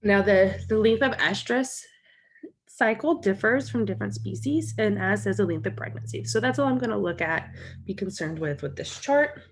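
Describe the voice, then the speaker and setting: A woman's voice: medium pitch, lively intonation, normal speed, slight background noise. A woman explaining a topic as a college lecturer in a recorded lecture, walking through slides and recapping key points.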